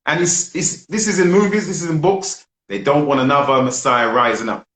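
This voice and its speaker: A man's voice: a little high, a little fast. A male host with a slightly raised voice, talking in an impassioned, preachy way. His voice bounces around an echoey room. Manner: preachy and animated, leads call-and-response chants. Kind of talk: live online film review chat.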